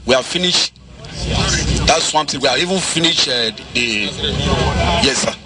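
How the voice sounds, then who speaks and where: A man answering questions as a road contractor, halting and restarting his words often. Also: medium pitch, animated, over a noisy crowd, poor audio. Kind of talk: on-site press questioning. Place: outdoors beside a busy road. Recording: outdoor recording with loud traffic noise.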